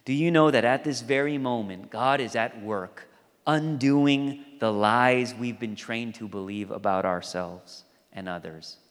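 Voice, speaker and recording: Male pastor, mid-pitched voice, chatty storytelling sermon, long hall echo. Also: a little slow. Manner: conversational storytelling, acts out quoted voices.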